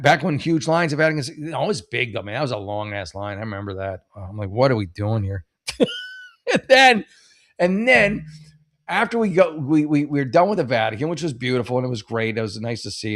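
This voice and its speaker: A middle-aged man hosting a casual advice show. He reads listener questions and rambles through jokes and personal stories, with many restarts. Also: medium pitch. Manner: rambling, jokey, many restarts and self-corrections.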